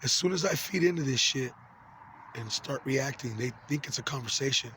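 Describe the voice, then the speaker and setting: A man's voice: mid-range voice, normal speed, fairly bright tone, slight background noise. Angry, profane man venting. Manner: angry, profane, rambling with many fillers. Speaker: vlogger. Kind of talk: unscripted monologue to camera.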